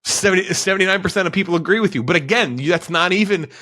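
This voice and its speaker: Bright-voiced rambling podcast host. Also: male voice, high-pitched, racing. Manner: rambling, self-correcting, laughs often. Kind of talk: casual movie podcast chat.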